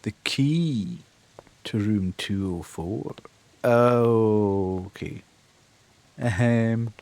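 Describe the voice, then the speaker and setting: A man's voice: lowish voice, extremely slow, darkish tone. A Scottish man streaming a horror game live, reacting with frequent laughs and startled exclamations.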